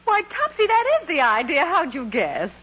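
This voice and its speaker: Playful lady ghost, coaxing, lilting, a bit high, old radio sound. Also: wildly swooping pitch, moderate pace, fairly bright tone, heavily acted. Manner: coaxing and teasing. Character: teasing, playful female ghost, fond of her friend. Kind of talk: 1940s radio comedy acting. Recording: dull, lo-fi old radio broadcast with faint hiss.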